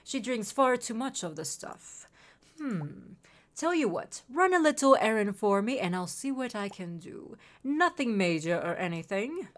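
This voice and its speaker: A woman's voice: fairly high pitch, big pitch swings, unhurried. A woman reading a chatty shopkeeper man. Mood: friendly. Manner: reading game dialogue aloud in a friendly tone. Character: chatty male shopkeeper, fond of pungent food.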